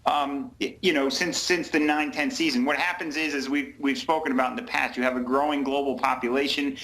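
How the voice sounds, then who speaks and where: A man interviewed as a commodity fund president, explaining the grain markets step by step in a measured way and citing figures. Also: mid-range voice, steady tone, a bit bright, slight background noise, poor audio. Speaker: fund company president, guest.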